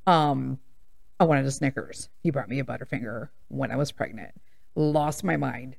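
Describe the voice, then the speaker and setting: A woman's voice: a bass voice, moderate pace, vocal fry, darkish tone. A woman in her fifties hosting a podcast, telling personal stories in a blunt, sassy, emphatic way and laughing at herself. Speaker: podcast host. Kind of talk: casual storytelling monologue.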